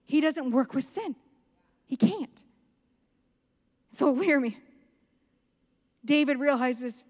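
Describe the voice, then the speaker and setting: A woman pastor preaching a sermon with impassioned delivery, moving between hushed passages and loud, emphatic ones. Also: sits high, lively intonation, slow pace, long pauses, long reverb tail. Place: church sanctuary.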